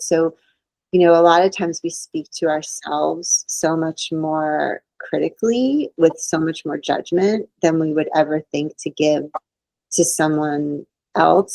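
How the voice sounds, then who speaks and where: A woman's voice: low-pitched, gravelly, a little mellow, no room sound, low-quality recording. A middle-aged woman, a psychologist guest in a podcast conversation, explaining in an earnest, reassuring way and acting out the inner voices she quotes.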